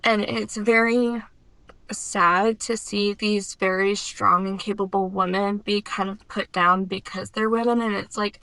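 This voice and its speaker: A woman's voice: medium pitch, fairly even intonation, a little slow, sharp tone, poor audio. A woman in her twenties giving a casual, chatty book review for her vlog, often saying "like". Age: 20s. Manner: chatty, uses filler "like" often. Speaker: book vlogger.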